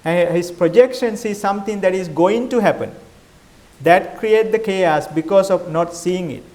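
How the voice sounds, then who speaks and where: Male monk, middle-aged, high voice, conversational dharma talk peppered with questions. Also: moderate pace, darkish tone. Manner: questioning, conversational, non-native phrasing. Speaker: Buddhist monk teacher.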